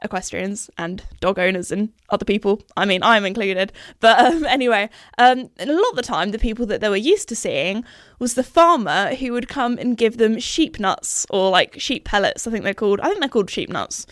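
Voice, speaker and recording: A woman's voice: medium pitch, lively intonation, moderate pace, dry recording, clean studio sound. A woman in her twenties hosting a podcast, telling rambling stories in casual, chatty talk. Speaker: podcast host. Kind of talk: casual chat.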